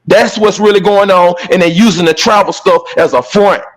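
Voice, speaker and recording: A man's voice: high-pitched, fairly even intonation, moderate pace, poor audio. A man talking on an online panel in an emphatic, slangy way, repeating his points. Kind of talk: casual online panel chat.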